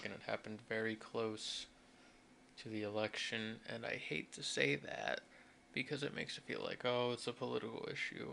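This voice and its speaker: A young man in his twenties talks on his own podcast at a middle pitch, with a noticeably gravelly, fry-laden voice. He rambles loosely, pokes fun at himself and trips over restarts as he goes. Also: bright, forceful tone, slight background noise. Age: 20s. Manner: rambling, self-deprecating, restarts often. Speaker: podcast host. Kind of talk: solo rambling podcast talk.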